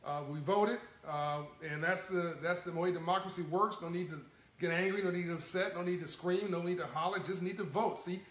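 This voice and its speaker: A man hosting a livestream in a casual, animated and folksy way, chuckling as he talks to his viewers. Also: sits high, a little fast, echoey room, low-quality recording. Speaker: livestream host.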